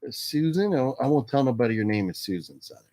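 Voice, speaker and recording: This livestream host talks fast in a mid-range voice with a dark tone and lively intonation. He's streaming casually from a room at home holding his movie collection, chatting loosely, calling out viewer names, and laughing frequently.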